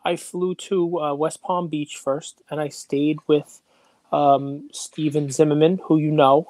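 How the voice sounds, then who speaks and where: A woman's voice: low-pitched, steady tone, slow, dark tone, dry recording. A man putting on a rambling older Brooklyn mom. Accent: New York (Brooklyn). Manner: rambling, drifts off topic.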